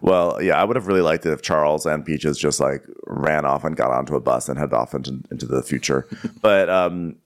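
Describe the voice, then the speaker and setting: A man's voice: rumbling low, brisk. A man co-hosting a podcast, chatting casually, laughing often and putting on voices as he retells scenes. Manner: giggly, acts out voices of people he retells. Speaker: podcast co-host. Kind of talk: casual chat recapping a reality show.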